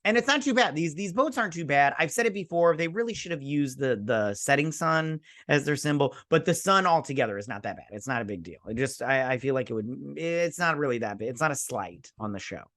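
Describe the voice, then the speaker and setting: A man's voice: on the high side, animated, brisk, few pauses, fairly bright tone, dry recording, studio quality. A man hosting a casual TV episode review, rambling and sarcastic. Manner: rambling, sarcastic, acts out characters. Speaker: show host reviewing a TV episode.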